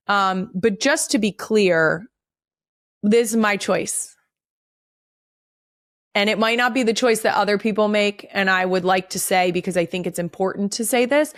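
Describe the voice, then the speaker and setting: A woman's voice: fairly low pitch, dry recording, clean studio sound. Blunt, profane woman podcast host. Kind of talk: casual podcast monologue.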